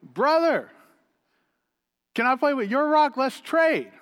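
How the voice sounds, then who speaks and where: A man voicing his small daughter, a bossy, clever little girl, high and insistent. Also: big pitch swings, takes it slowly, in a large hall, full character voice. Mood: sweet-talking. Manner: high, sharp and demanding.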